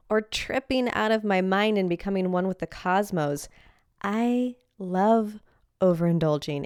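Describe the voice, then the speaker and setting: A woman's voice: on the low side, clean tone, no echo. A woman hosting a personal podcast, talking in a candid, enthusiastic, confessional way close to the mic. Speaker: podcast host.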